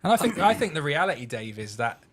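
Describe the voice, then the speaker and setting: A man's voice: a little high, big pitch swings, fast. A man hosting a casual chat, speaking reflectively and affirming his guest. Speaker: podcast host.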